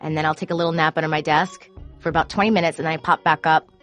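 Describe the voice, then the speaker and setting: Lady with a low voice spilling confessional work stories, faint music underneath. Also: very fast. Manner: candid, confessional, animated when quoting herself. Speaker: court show producer. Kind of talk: personal storytelling.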